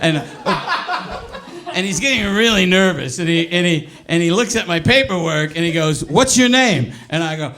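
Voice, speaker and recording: Man yelping high in a stand-up bit. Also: lively intonation, moderate pace, sharp tone. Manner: swings from low mumbling to high strained yelps. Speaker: stand-up comedian. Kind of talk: live stand-up storytelling. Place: comedy club stage. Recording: live club recording with crowd noise. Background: audience laughter.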